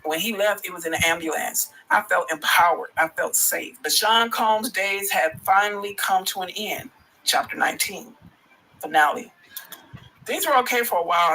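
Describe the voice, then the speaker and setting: A man reads a dramatic first-person story aloud for his livestream, his voice high and bright. He reads expressively and breaks off to react, with faint ambient noise behind him. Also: rough recording. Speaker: livestream host.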